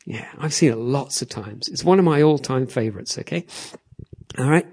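A man's voice: medium pitch, normal speed, slightly rough. A man preaching animatedly, often checking in with the audience. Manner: animated, repeats "okay? all right?" to the audience. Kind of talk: sermon.

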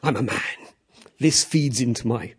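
A man's voice: mid-range voice, moderate pace, a little hiss or hum. A man preaching animatedly, often checking in with the audience. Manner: animated, repeats "okay? all right?" to the audience. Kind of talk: sermon.

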